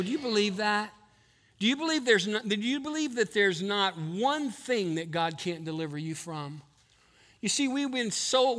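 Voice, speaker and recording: A man preaching a sermon in church, building to loud passionate declarations and dropping low to explain. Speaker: pastor. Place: church sanctuary.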